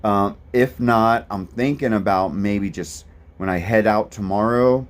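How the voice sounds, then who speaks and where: In an unhurried, lowish voice, a male thru-hiker rambles casually through a vlog about his hike. His monologue is easygoing and heavy on ums.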